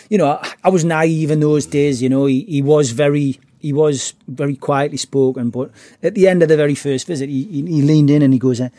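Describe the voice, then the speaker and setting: A man's voice: fairly high pitch, warm tone, dry recording. A middle-aged man telling stories in a casual interview, often restarting his words. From Newcastle, England. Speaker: podcast guest. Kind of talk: casual storytelling.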